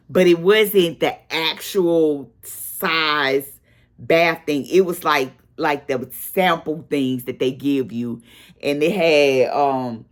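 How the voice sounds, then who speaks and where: A middle-aged woman tells a personal story in a relaxed vlog chat. Her voice sits low and her pace is slow and drawn out. She acts out what people said as she goes. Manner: animated storyteller, acts out quotes with a higher voice. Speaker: vlogger telling a personal story.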